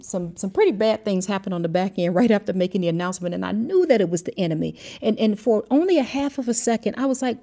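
A woman in middle age leads a livestreamed devotional, her voice soft and dark with a husky edge. She tells stories earnestly, wanders off on side paths and then brings herself back to the lesson. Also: mid-range voice. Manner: earnest storytelling, drifting and circling back. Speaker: Christian teacher and mentor. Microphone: livestream camera mic.

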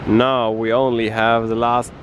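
A man talking in a monotone, feeling unwell, narrating a casual travel vlog outdoors on a coastal trail. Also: medium pitch, measured pace. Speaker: travel vlogger. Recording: outdoor noise behind the voice.

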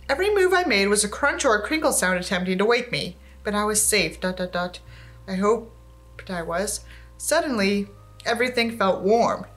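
A woman's voice: on the high side, fairly bright tone, low-quality recording. Woman reading aloud with sarcastic asides. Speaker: book reviewer reading aloud. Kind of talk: reading a novel aloud with comedic commentary.

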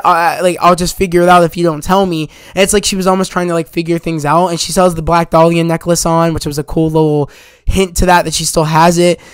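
A man talks through a film in a casual spoiler review, eagerly retelling scenes and acting out bits of dialogue. His voice sits fairly high and sounds smooth. The recording is dry, with no room sound. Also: a bit bright, no echo.

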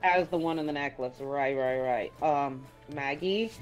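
A woman's voice: a bass voice, moderate pace, faint music behind. A woman playing in a tabletop role-playing game, talking hesitantly with restarts and trailing off. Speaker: player.

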